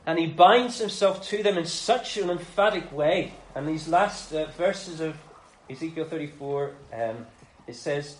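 A man's voice: on the high side, measured pace. A man preaching a sermon, reading scripture and paraphrasing God's voice in a casual, conversational way. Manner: expository, paraphrases God in casual first person. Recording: echoey room.

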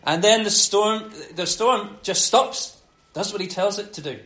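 A man preaching a sermon, telling the story with animated acted-out quotes. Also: high voice, measured pace. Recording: roomy echo.

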